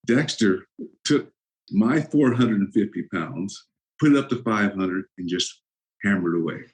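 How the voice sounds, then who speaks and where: A man's voice: on the low side, lively intonation, measured pace, poor audio. A man in his sixties, a former football player, telling stories as a guest in a casual interview, laughing often and acting out his anecdotes.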